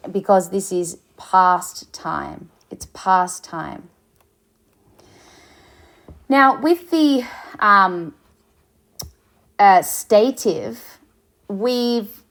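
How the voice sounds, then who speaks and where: A woman teaching a recorded lesson, explaining slowly, with fillers and restarts. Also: mid-range voice. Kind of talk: recorded lecture.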